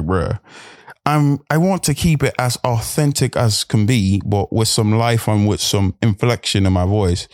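A man's voice: low voice, a little mellow, dry recording, clean studio sound. A man hosting a podcast, talking from a hotel room in a playful, rambling way, correcting himself as he goes. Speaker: podcast host. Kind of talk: casual podcast intro.

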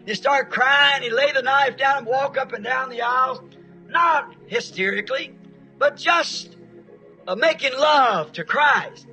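A preacher delivers a sermon in a very high, bright voice, spinning a folksy story and bursting into emphatic shouts now and then. Faint music plays in the background. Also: male voice, unhurried, poor audio.

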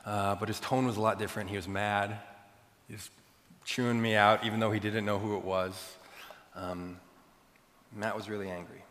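A young man preaching, telling a self-deprecating story in an animated way to his church. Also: fairly low pitch, moderate pace, pauses often, a little hiss or hum. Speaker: pastor. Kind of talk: storytelling sermon. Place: large church hall. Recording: long hall reverb.

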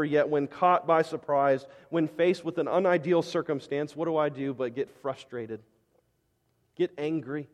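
Preaching man, dramatic, in a reverberant hall. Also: on the high side. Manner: dramatic preaching, acting out the disciples' outbursts. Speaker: pastor. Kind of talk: sermon.

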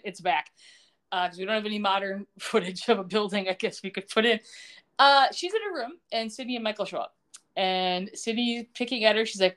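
A woman co-hosting a casual podcast, recapping a TV soap and acting out the characters' lines with laughter. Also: a little high. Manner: animated, acts out quoted lines with laughs.

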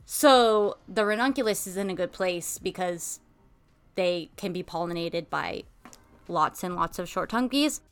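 A woman's voice: lowish voice, a little slow, clean tone. A young woman co-hosting a casual podcast, rambling with lots of "like"s and breaking into giggles. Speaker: podcast co-host. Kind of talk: casual chat.

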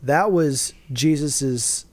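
A man's voice: on the high side, drawn-out words, darkish tone. A man hosting a casual faith discussion, explaining his view earnestly and answering his own rhetorical questions. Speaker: podcast host.

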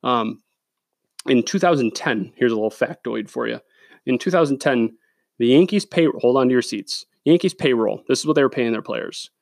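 Man, podcast host, creaky voice, dry close mic, opinionated and profane. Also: medium pitch, expressive, normal speed, no echo. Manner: blunt, profane, opinionated, with many fillers. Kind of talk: solo sports podcast rant. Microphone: studio microphone.

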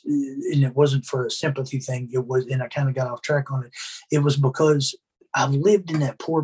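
Male podcast guest, husky voice, candid and emotional storyteller who swears plainly. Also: mid-range voice. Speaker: podcast guest sharing his recovery story. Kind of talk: casual conversational storytelling.

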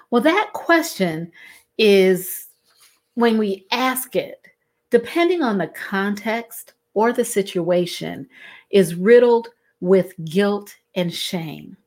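A middle-aged woman, talking to her listeners in a casual, expressive way and acting out the questions she quotes. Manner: expressive, acts out quoted questions with big pitch swings. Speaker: host.

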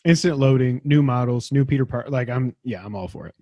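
A man's voice: medium pitch, brisk, mellow, dry recording, highs cut off. Dry, chatty male podcast host. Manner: enthusiastic, rambling, self-deprecating. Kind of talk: casual gaming news chat.

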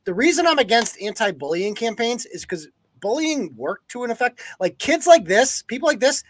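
A man's voice: extremely high pitch, big pitch swings, normal speed, no room sound. A man hosting a live news-commentary podcast, ranting with heavy profanity and sarcasm. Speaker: podcast host.

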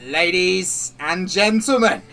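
A man voicing a showy male pit-fight announcer who proclaims slowly, drawing out his words. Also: sits high, vocal fry, over music, pitched above the performer's own voice, heavily acted. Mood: proclaiming. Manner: slow, drawn-out proclaiming.

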